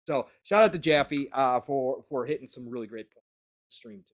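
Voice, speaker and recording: A man's voice: medium pitch, fairly quick. A man co-hosting a casual gaming podcast, animatedly retelling what someone said, full of "he goes". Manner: animated, retells quotes at length with many "he goes". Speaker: podcast co-host.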